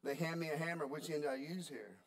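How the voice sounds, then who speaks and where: A pastor, a man, preaches with a gravelly, creaky edge to his voice. He tells his story in a folksy, animated way, his voice sitting a little higher than most men's. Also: fairly quick. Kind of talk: sermon with storytelling.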